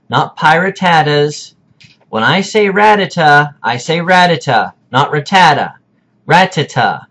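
A man hosting a casual vlog, delivering a mock-serious rant with deadpan, exaggerated indignation and drawn-out pronunciations. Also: fairly high pitch. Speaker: video host.

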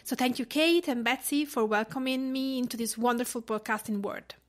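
A woman's voice: fairly high pitch, moderate pace. A woman from Tuscany with an Italian accent, hosting a cooking podcast in careful, explanatory narration. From Tuscany, Italy. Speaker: podcast host and home cook.

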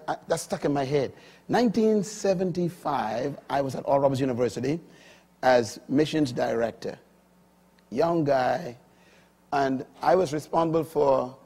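A middle-aged male preacher with a husky, somewhat high voice delivers a sermon. He swings between loud, emphatic proclamations and quiet asides. His voice stays husky throughout. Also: measured pace.

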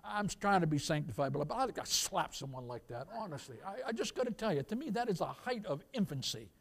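A man preaches to his congregation in church, very animated and fast, his voice sitting high. He calls out emphatically, moving back and forth between loud emphasis and quieter asides.

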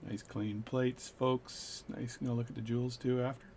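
Middle-aged male watchmaker, casual bench play-by-play, slightly gravelly. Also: medium pitch, level tone, normal speed, darkish tone, a little hiss or hum. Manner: chatty, joking, narrates as he works. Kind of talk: workbench play-by-play chat.

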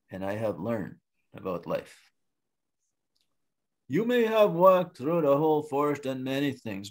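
A man voicing a patient, wise male turtle who speaks softly and evenly, in an oral storytelling. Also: on the high side. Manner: soft, quiet, measured.

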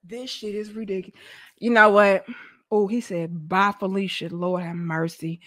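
A woman hosting a live stream, reacting to her chat with dramatic, theatrical despair and swinging between shouted pleas and low mutters. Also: fairly even intonation, moderate pace, no room sound, studio quality. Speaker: livestream host.

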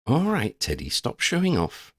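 A man's voice: medium pitch, wildly swooping pitch, moderate pace, husky, voice pushed up. A man voicing a cheerful grown woman who talks in a friendly, lightly teasing way.

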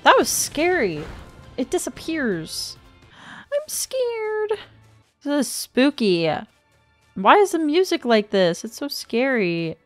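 A woman's voice: sits high, big pitch swings, measured pace, dry recording, faint music behind. A woman giving gameplay commentary, talking to herself and gasping and exclaiming at what happens on screen. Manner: talks to herself, gasps and exclaims at the game. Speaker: gaming streamer. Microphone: dynamic studio microphone.

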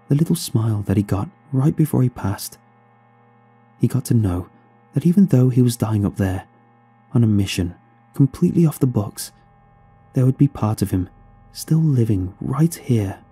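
A man reading a horror story aloud in a somber, measured storytelling manner. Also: on the low side, warm tone, breathy edge. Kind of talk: scripted horror narration.

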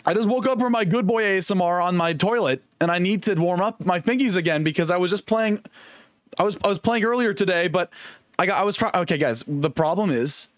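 A young man streaming a video game, chatting casually in a rambling, jokey, excitable way and swearing often. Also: high voice, a little fast, dry recording, clean studio sound. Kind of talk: casual live-stream gaming chat.

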